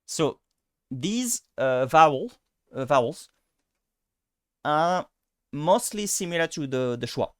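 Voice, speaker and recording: A man's voice: fairly high pitch, animated, takes it slowly, pauses often, smooth. French guy teaching pronunciation, lots of uhs and restarts, dry close mic, no room echo. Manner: hesitant, many fillers and restarts. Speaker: language teacher. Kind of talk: casual pronunciation lesson.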